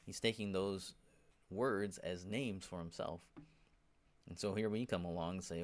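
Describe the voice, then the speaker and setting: A man's voice: low-pitched, moderate pace. A man giving an informal Bible teaching, often checking in with "right?" and "you know", and turning emphatic when he urges his listeners. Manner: grows emphatic when exhorting.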